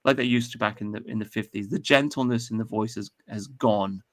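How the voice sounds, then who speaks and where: A man's voice: fairly low pitch, brisk, fairly bright tone. A man hosting a casual chat, rambling and swearing as he airs his views. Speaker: podcast host.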